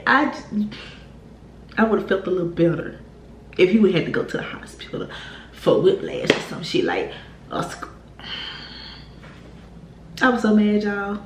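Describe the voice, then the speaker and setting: A woman's voice: medium pitch, a little slow, long pauses. A young woman, heatedly telling a storytime on her channel. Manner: animated, heated retelling with profanity and laughs. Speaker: YouTube storyteller. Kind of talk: casual storytime vlog. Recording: echoey room with faint noise.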